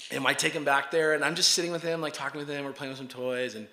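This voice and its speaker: A young adult man preaches in an echoey room. His voice is bright, sharp and a little high, and his delivery is earnest. He talks to the crowd like a storyteller. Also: brisk. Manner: animated storytelling, laughing and loud as he acts out the scene; low, earnest appeal when preaching. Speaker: pastor. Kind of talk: sermon with a personal story.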